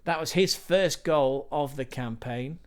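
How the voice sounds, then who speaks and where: A man's voice: fairly high pitch, a little slow. A man hosting a football channel, talking through stats in a chatty, rambling way with asides to viewers. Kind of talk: casual football stats commentary.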